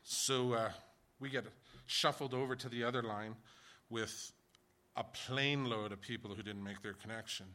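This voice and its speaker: A man's voice: medium pitch, fairly even intonation, normal speed. A man preaching a sermon, reading scripture and asking the congregation a run of rhetorical questions in a conversational way. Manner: conversational, rhetorical questions, rising to shouts in an acted story. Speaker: pastor.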